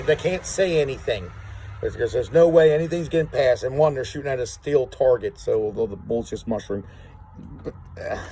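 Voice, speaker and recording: A man's voice: medium pitch, warm tone, breathy edge, low-quality recording. A man telling a rambling story to camera outdoors, repeating words and acting out what others said. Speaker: vlogger. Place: outdoors on rural property.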